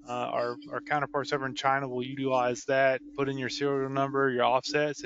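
A man hosting a technical webinar, explaining machine settings in a relaxed, chatty way. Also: mid-range voice. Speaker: laser tech webinar host. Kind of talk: casual technical chat. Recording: dull lo-fi webinar audio.

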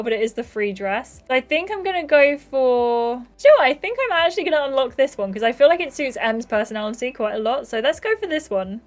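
A chatty woman playing a romance story game, reading every part aloud and commenting playfully between lines. Her voice sits a little high. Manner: chatty, playful, reads all parts. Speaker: game streamer.

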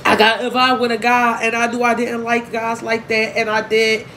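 A woman's voice: on the high side, monotone, sharp tone, a little hiss or hum, low-quality recording. Candid, emotional young woman vlogging. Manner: candid, emotional, profane, fast-shifting. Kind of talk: emotional casual vlog talk.

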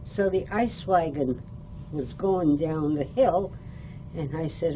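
An older woman born in Italy recalls her childhood in an interview at a care home, chuckling now and then. She speaks very slowly, with a mellow, slightly low voice. A faint hiss sits behind her. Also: poor audio. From born in Italy, raised in New York State. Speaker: oral history interviewee. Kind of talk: reminiscing storytelling.

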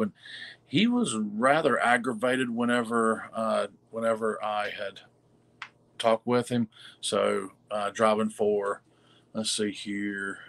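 A man co-hosting a live sales stream in a casual, halting way, full of fillers, greeting viewers by name. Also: fairly low pitch, creaky, a bit bright. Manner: halting, many fillers and restarts. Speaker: livestream co-host reading viewer comments.

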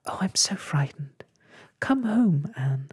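A reader voicing a timid little blossom baby girl in a whispered role-play, gentle and frightened. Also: medium pitch, big pitch swings, slow pace, breathy edge, no room sound, studio quality, exaggerated voice.

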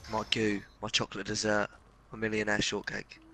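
A man's voice: lowish voice, monotone, a little fast, gravelly, bright, forceful tone, a little hiss or hum, rough recording. A man grumbling and swearing through casual banter with friends while gaming.

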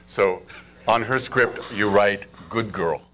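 A man's voice: fairly low pitch, takes it slowly, very noisy. A middle-aged man coaching actors at a live workshop, joking, laughing and firing off asides. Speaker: acting teacher. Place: workshop stage before audience.

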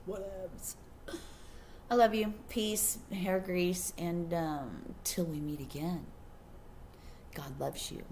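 A woman giving a casual spiritual message to her viewers, rambling with playful asides and drifting into soft murmurs. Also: on the low side, steady tone, slow pace, a little hiss or hum. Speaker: spiritual reader.

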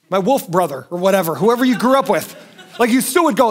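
Guy pastor preaching, pretty high voice, casual and punchy, keeps saying watch this kind of energy. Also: fast. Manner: conversational, emphatic, lively. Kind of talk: sermon.

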